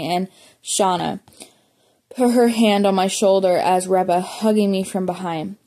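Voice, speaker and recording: Mellow-voiced woman reading a memoir. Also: medium pitch. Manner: plain reading with small slips and self-corrections. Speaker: audiobook reader.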